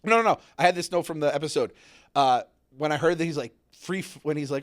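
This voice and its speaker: A man in his thirties co-hosting a casual podcast, rambling, excitable and self-mocking. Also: on the high side, fast talker. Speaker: podcast co-host. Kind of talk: casual chat.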